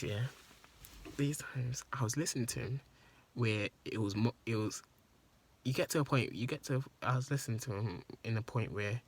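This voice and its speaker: A man's voice: lowish voice, a bit bright. A man telling an emotional story in a rambling, profane monologue that repeats itself. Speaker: vlogger.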